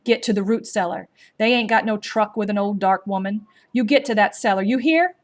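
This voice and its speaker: A woman's voice: medium pitch, a little fast, close to an everyday voice. A woman voicing a firm, protective old woman in a read-aloud story, giving urgent orders in rustic dialect.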